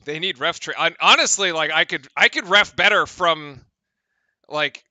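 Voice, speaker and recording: Young male fan-streamer, high-ish bright voice, exasperated play-by-play, dry close mic. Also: moderate pace, no room sound. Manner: exasperated, incredulous, laughing at calls, rambling restarts. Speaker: streamer doing live play-by-play. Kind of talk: live fan commentary.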